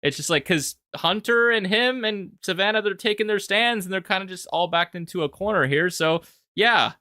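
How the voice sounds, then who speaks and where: A young man talking casually about his own video as a commentator, animated and rambling, with frequent restarts. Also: high-pitched, moderate pace, no room sound, clean studio sound. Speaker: YouTube commentator.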